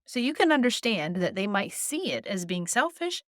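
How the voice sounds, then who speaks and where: A woman hosting an advice podcast, calmly coaching listeners and modeling short, firm replies to say. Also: fairly high pitch, moderate pace, no room sound, clean studio sound. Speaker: podcast host.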